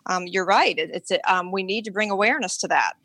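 A woman's voice: medium pitch, fast, a bit bright, no echo. Woman author explaining ideas. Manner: explanatory, coaching tone, checks understanding. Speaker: guest author. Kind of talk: conversational interview.

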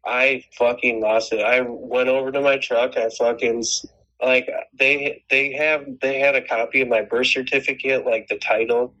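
A man's voice: medium pitch, steady tone, normal speed, sharp tone, highs cut off. A man telling a long personal story in casual chat, rambling and swearing, with many restarts. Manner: rambling, profane, frequent restarts.

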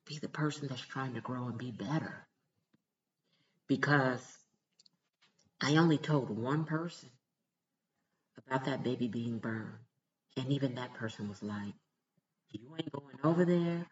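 An emphatic vlogger of middling pitch lectures viewers and hammers each point home with repetition. The audio sounds dull and lo-fi, with a faint hiss of background noise underneath. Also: a little slow, long pauses. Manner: emphatic, repeats points for stress, preachy. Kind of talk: emphatic motivational talk to camera.

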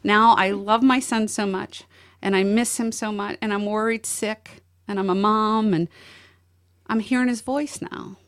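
A middle-aged woman speaks as an interview guest and tells a personal story of faith and loss. Her voice sits at an ordinary pitch, and she speaks with earnest feeling. She sometimes restarts her words as the emotion rises. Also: fairly even intonation, unhurried, fairly bright tone.

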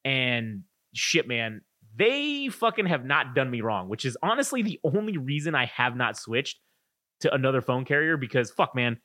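A man's voice: mid-range voice, sing-song, normal speed, bright, forceful tone, dry recording, clean studio sound. A man in his thirties, a podcast co-host telling a profane, ranting story in casual chat.

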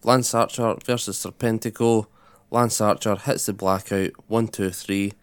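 Man, low voice, blunt sweary play-by-play recap, dry close sound. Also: steady tone, a little slow, smooth, dry recording. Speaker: podcast co-host recapping matches. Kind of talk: casual recap.

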